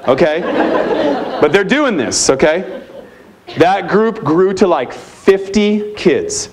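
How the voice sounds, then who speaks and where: A man in a conference center hall, delivering a lively keynote with punchy emphasis. His voice sits a bit high for a man. He challenges the room with one pointed rhetorical question after another. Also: unhurried. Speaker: keynote speaker at a youth ministry conference. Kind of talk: live conference talk.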